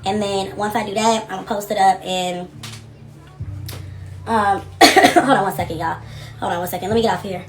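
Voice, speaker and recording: A young adult woman hosting a casual livestream from her home office, reading comments and talking in a blunt, profane, animated way. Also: medium pitch, normal speed, long pauses, reverberant, faint music behind. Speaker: livestream host.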